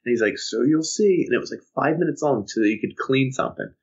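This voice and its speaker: A man's voice: mid-range voice, fast, slightly rough, dull audio. A man co-hosting a podcast, chatting casually and acting out the people in his stories. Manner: animated storyteller, mimics people he describes. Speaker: podcast co-host. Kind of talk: casual chat. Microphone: video call.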